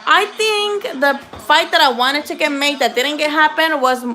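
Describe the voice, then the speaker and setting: A woman with a high, bright, ringing voice hosts a casual live chat about boxing. She is blunt and foul-mouthed, teasing and talking back to her viewers. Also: normal speed. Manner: blunt, profane and joking, talks back to chat. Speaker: host of a boxing livestream.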